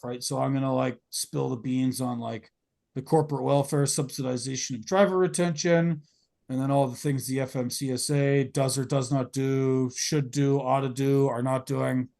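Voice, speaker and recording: Gravelly man rambling through a podcast chat. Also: mid-range voice, steady tone, normal speed, darkish tone. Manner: rambling, frequent fillers and restarts. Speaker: podcast host.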